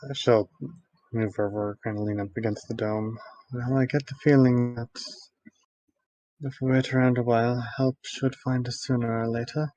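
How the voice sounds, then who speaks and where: Dude playing d&d online, kinda hesitant, dry close mic sound. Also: male voice, medium pitch, level tone, normal speed, dark tone, no echo. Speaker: player. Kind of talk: casual in-character play over voice chat.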